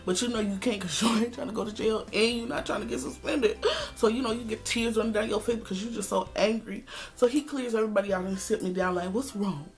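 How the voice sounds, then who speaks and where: Sassy, animated woman telling a story. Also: fairly high pitch, fast, faint music behind. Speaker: vlogger. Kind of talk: casual storytime vlog.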